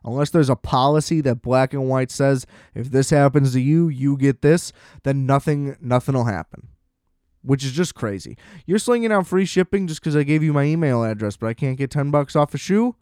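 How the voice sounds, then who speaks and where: A man's voice: medium pitch, lively intonation, normal speed, darkish tone, smooth, no room sound, clean studio sound. A young man ranting in a casual, exasperated and profane monologue as a podcast host.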